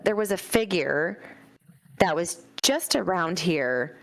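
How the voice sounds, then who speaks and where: A woman voicing her polite, earnest adventurer character, speaking haltingly with many pauses. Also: on the low side, animated, gravelly, full character voice.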